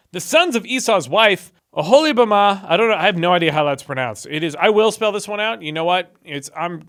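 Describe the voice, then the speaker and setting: A man with a high, bright voice reads a long list of scripture names aloud. His pitch jumps all over as he turns from reading to sarcastic commentary. He sounds like a casual video creator. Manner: sarcastic, animated asides between read passages. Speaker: YouTuber reading the Bible aloud.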